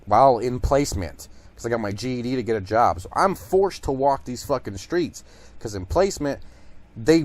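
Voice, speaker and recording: A young man from Detroit hosting a podcast, telling stories in a rambling, profane monologue full of fillers. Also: mid-range voice. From Detroit, USA. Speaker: podcast host. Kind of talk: casual monologue.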